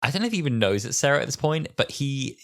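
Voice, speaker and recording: A man in his twenties co-hosting a podcast, telling scenes in an animated way and acting out the characters. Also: medium pitch, fast talker. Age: 20s. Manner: animated storytelling, acts out scenes with big voices. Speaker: podcast co-host. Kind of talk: casual chat.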